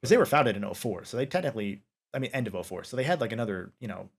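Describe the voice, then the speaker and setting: A man's voice: medium pitch, expressive, rapid-fire, gravelly, breathy edge. A man hosting a casual interview, talking at length with many fillers and restarts. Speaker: interviewer, podcast host.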